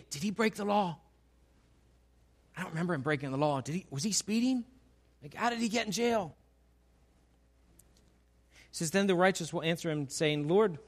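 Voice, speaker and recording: A man's voice: high voice, animated, moderate pace, pauses often. A man preaching a sermon, who reads scripture and acts out its dialogue with playful humor. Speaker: pastor.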